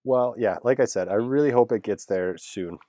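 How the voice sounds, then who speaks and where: A man's voice: lowish voice, normal speed, dark tone, no room sound, clean studio sound. A man in his thirties co-hosting a podcast, teasing and laughing easily in casual chat. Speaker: podcast co-host.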